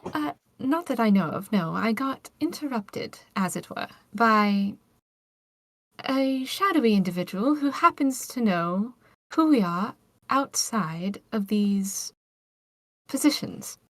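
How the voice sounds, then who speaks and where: A woman's voice: a little high, animated, takes it slowly, fairly bright tone, dry recording. A woman playing a tabletop game, asking chatty, hesitant questions full of fillers. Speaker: player. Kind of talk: casual tabletop play.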